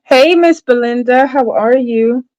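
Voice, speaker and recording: A woman's voice: high voice, a little slow, darkish tone, no room sound, highs cut off. A woman hosting a casual livestream, chatting about online drama, tagging lines with "right?" and greeting viewers. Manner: greets chat viewers mid-story. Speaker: livestream gossip host.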